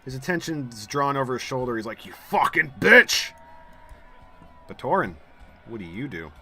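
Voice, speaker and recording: A man's voice: mid-range voice, big pitch swings, a little fast, bright, forceful tone, breathy edge. A man running a tabletop game as game master and stream host, narrating vividly and energetically with filler words.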